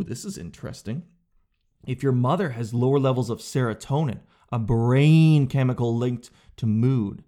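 A young adult man, a comedian hosting a podcast, riffing casually and rambling, often slipping into quick exaggerated impressions. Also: medium pitch, a little mellow.

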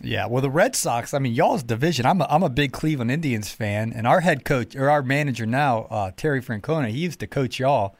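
A man's voice: medium pitch, lively intonation, a little fast, hardly any pauses, dry recording. A man from Georgia, hosting a podcast in a casual, folksy chat, often repeating his words. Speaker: podcast host.

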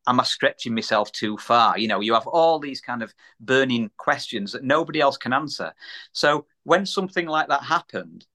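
A man's voice: mid-range voice, animated, normal speed, sharp tone. A man from the UK, a small business owner, telling a story in a casual podcast chat, repeating words and acting out the voices of people he quotes.

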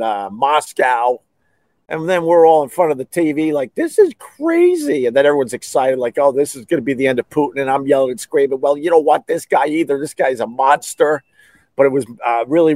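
A man's voice: mid-range voice, a little mellow, dry recording. Rambling wisecracking American man. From United States. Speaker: podcast host. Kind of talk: casual chat.

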